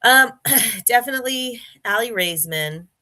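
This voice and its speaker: Interview guest, woman, chatty anecdote-teller, bright forceful voice. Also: fairly high pitch, animated, measured pace. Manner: chatty storyteller, many fillers and restarts. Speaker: interview guest, former gymnast. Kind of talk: casual interview chat.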